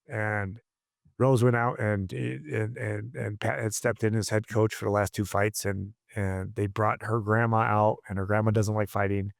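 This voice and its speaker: A man's voice: fairly low pitch, vocal fry, dry recording, studio quality. A man coaching combat sports, telling stories in a casual interview, blunt and profane with many restarts.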